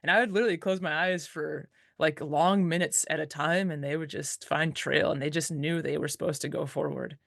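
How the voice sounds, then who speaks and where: A relaxed woman talking about mushing in a chatty, easygoing way, peppering her sentences with fillers and quick laughs. The sound is dry and close, with almost no room around her voice. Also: sits low, creaky, no room sound. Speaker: dog musher, interview guest. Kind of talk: casual storytelling interview.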